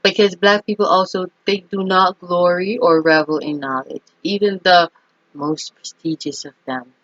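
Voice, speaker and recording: A woman with a somewhat low voice delivers an emphatic, opinionated monologue as an astrologer, pressing her points and often checking in with "okay?". The recording is dry and close, with a dull, lo-fi tone. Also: fairly even intonation, normal speed, a bit bright, no echo. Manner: emphatic, keeps asking "okay?". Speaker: astrologer and vlogger.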